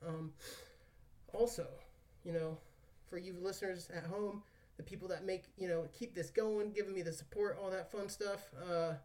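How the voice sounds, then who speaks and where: A man's voice: sits high, fairly even intonation, moderate pace, a little mellow, far from the mic. A man hosting a podcast, talking casually and joking around, swearing now and then. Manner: laid-back, jokey, swears casually. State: out of breath after squats. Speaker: podcast host.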